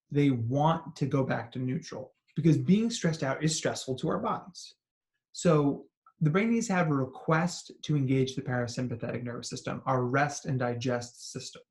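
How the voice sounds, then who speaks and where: A man, a psychologist, giving an animated talk to parents and educators, telling stories and asking questions. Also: mid-range voice. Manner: animated storytelling with acted quotes and asides. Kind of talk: expressive talk to an audience.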